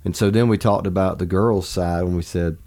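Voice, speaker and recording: A man's voice: deep voice, fairly even intonation, brisk, mellow. A man in his forties, a pastor talking earnestly about his family in casual conversation, laughing easily.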